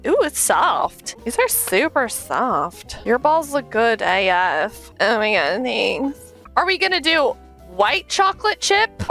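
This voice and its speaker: Woman, cooking-stream host, high and animated, irreverent banter. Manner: joking, crude, playful. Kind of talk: casual irreverent cooking commentary. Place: home kitchen.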